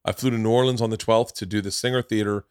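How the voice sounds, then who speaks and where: A man's voice: on the low side, steady tone, fast, smooth, no echo, studio quality. A man hosting a podcast, telling a long rambling story in casual chat, swearing freely. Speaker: podcast host.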